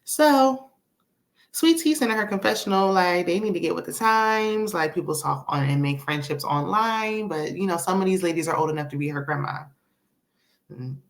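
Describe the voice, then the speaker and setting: Sassy woman recapping reality tv, kinda low voice, chatty asides, laughs a lot. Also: animated. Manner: sassy, chatty, drawn-out asides like "child" and "honey"; laughs often between remarks. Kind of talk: casual recap commentary.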